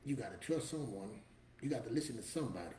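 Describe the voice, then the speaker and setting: A man's voice: fairly low pitch, lively intonation, quick pace, warm tone, a little hiss or hum. Emphatic, preachy man in an echoey room. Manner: preachy, emphatic, street-casual storytelling. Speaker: motivational vlogger. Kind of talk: motivational talk to camera.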